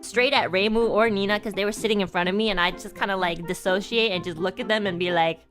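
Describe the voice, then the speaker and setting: A woman VTuber telling a story casually on stream, animated, swearing freely and laughing often. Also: mid-range voice, fast talker, soft background music.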